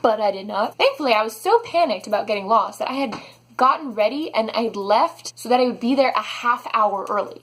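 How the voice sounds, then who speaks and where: A young woman telling a storytime vlog, animated and dramatic, saying "like" a lot. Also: a little high, a little fast. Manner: animated, dramatic, heavy use of "like". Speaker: vlogger.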